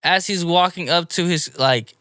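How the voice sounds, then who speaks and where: Animated young-sounding man recapping anime. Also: high voice, moderate pace, no room sound, clean studio sound. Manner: rambling, animated play-by-play with frequent restarts. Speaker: podcast co-host. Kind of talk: casual chat recapping anime episodes.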